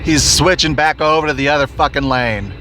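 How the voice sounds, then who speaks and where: A man's voice: a little high, brisk, sharp tone. A man hosting a podcast, ranting angrily and sarcastically, swearing nonstop while driving his car. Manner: angry, cursing constantly, sarcastic. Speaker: podcast host. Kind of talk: profane ranting monologue. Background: faint road and traffic noise.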